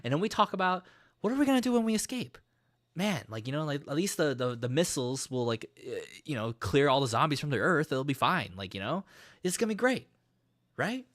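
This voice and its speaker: A man casually recapping a video game's story, animated and swearing, rambling with lots of fillers. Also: a little high, a little fast, dry recording, clean studio sound. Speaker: gaming video creator.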